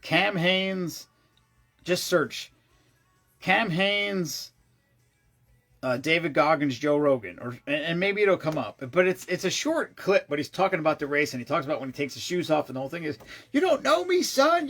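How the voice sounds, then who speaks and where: A man vlogging, telling a long rambling story in a casual, excitable way, swearing freely and often restarting his sentences. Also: fairly high pitch, moderate pace, soft background music.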